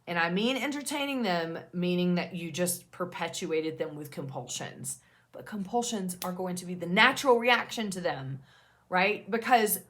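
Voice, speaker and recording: A woman's voice: lowish voice, animated, moderate pace, fairly bright tone. Earnest woman giving reassuring advice. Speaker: OCD peer support advocate. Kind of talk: direct-to-camera talk.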